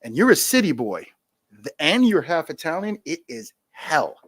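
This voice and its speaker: Male podcast guest, casual storyteller, animated, does voices, dry close mic. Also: fairly high pitch, moderate pace, breathy edge, no room sound. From New York. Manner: animated, acts out quoted voices, laughs often.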